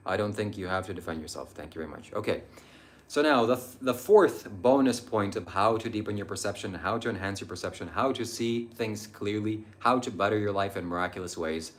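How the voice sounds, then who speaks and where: A young man with a lowish voice hosts a live stream, briskly answering viewer chat about spirituality. He comes across as earnest, wandering from point to point and hesitating often.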